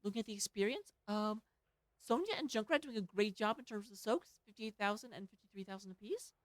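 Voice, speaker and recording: A woman with a Southern US accent casting an esports match, rattling off stats and filling pauses. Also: medium pitch, no echo. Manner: rapid, filling dead air with stats. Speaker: esports caster. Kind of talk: play-by-play esports commentary.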